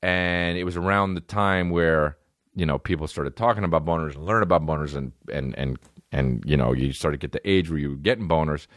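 A man's voice: rumbling low, fairly quick, dry recording, studio quality. A man hosting a podcast alone, telling rambling, profane comic stories. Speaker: podcast host. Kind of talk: comedic storytelling.

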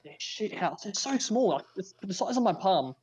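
A man's voice: high-pitched, big pitch swings, moderate pace, a little mellow, slight background noise. A young Australian man co-hosting a podcast, chatting casually, joking and rambling along. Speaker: podcast co-host. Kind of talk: casual chat. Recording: dull lo-fi sound.

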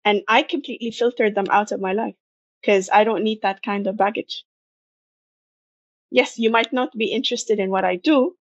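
A woman speaks as a guest in a relaxed interview, animated and repeating her points for emphasis. Her voice sits at an ordinary middle pitch. The recording is close and dry, with no room sound. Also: normal speed, no room sound, dull audio. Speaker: podcast guest, marathon runner. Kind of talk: conversational interview.

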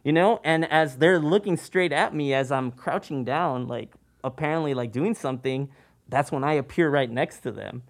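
A young man in a loose podcast conversation, spinning a story from his old job. He talks casually and keeps slipping into animated voices for the people in the tale, so the pitch jumps up whenever he quotes them. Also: moderate pace. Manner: animated, acts out voices in anecdotes. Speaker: podcast guest, former theme park worker.

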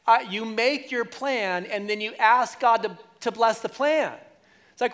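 A man with a fairly high voice preaches a sermon to his congregation. He talks in a loose, conversational way, repeats key lines and acts out the voices of church members. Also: moderate pace, fairly bright tone. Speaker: pastor.

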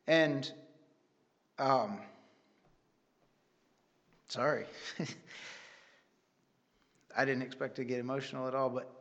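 A man giving an earnest, rambling church testimony with many restarts. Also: on the high side. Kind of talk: sermon testimony.

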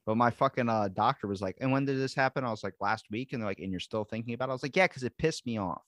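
A man hosting a podcast in casual chat, telling animated stories full of swearing and acted-out quotes. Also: medium pitch, racing, no room sound, clean studio sound. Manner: animated storyteller, swears constantly, acts out quotes. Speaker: podcast host.

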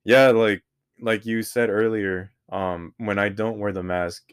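A man's voice: lowish voice, fairly even intonation, unhurried, clean tone, no echo, clean studio sound. A young man co-hosting a podcast, laid-back and agreeable, asking questions in casual chat. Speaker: podcast co-host.

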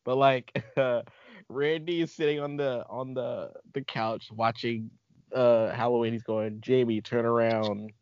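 A man in a relaxed podcast chat, breaking into laughter as he recaps scenes with enthusiasm. His voice sits at a middling pitch, recorded dry and slightly dull, lo-fi. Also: measured pace, no room sound. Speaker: podcast host. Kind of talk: casual movie-recap chat.

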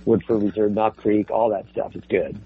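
A man's voice: on the low side, fairly even intonation, normal speed, slightly rough. A man who is a voice actor, chatting casually on a podcast with many restarts and frequent laughs. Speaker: voice actor guest. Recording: slightly dull audio with faint noise.

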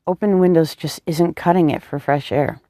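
A woman voicing a tough young former soldier who speaks in a quiet, murmuring, blunt way. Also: sits low, fairly even intonation, normal speed, no echo, studio quality, lightly acted.

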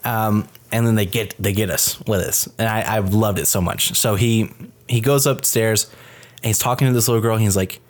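A man hosting a podcast, retelling a film scene in casual chat, animated and profane. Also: fairly low pitch, moderate pace. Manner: animated, profane storytelling with many fillers. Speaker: podcast host reviewing a film.

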